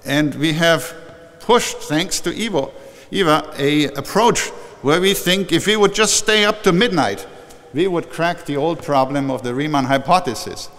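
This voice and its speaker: An older man giving a warm, conversational acceptance speech at a formal ceremony, often restarting and correcting himself. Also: a little high, a little slow. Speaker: honorary doctorate recipient giving an acceptance speech. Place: large historic chapel hall. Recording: long reverb from a large hall.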